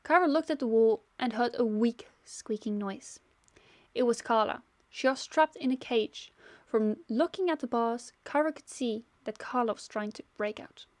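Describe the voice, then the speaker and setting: A woman's voice: on the high side, moderate pace, dry recording. A woman who is a YouTuber reads her own story aloud in a casual way, often correcting herself. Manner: casual, self-correcting reader.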